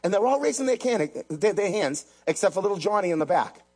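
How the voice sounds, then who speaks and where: A man's voice: high voice, expressive, fast, darkish tone, slightly rough. A man preaching a sermon as pastor, emphatic, repeating key lines and mixing in jokes.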